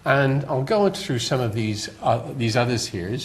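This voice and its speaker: A man's voice: mid-range voice, animated, measured pace. An older man with a West Country accent giving a public lecture, rambling and dryly self-deprecating. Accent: West Country English. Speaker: guest lecturer. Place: lecture hall.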